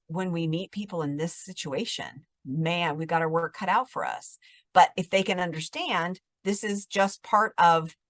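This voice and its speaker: A middle-aged woman therapist explaining trauma responses in a conversational interview, telling stories and sometimes dropping to a calm soft voice. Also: lowish voice, dry recording, studio quality. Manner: explanatory, animated storytelling, drops to a calm soft voice when demonstrating.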